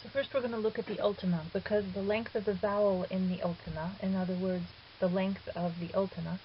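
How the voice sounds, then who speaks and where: A woman calmly explaining a grammar lesson as a recorded teacher, patient and step by step, now and then correcting herself. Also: mid-range voice, quick pace. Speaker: Greek teacher. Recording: dull hissy lo-fi 2009 recording.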